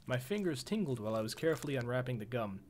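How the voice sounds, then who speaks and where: A man's voice: mid-range voice, sing-song, rapid-fire, darkish tone, slight background noise. Man streaming a horror game, cussing. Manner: profane, jokey reactions. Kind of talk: reading a horror visual novel aloud live.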